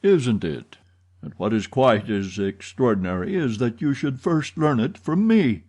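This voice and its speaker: A man voicing a solemn police commissary in an audiobook, asking measured, probing questions. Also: mid-range voice, animated, a little mellow, husky. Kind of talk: audiobook character reading.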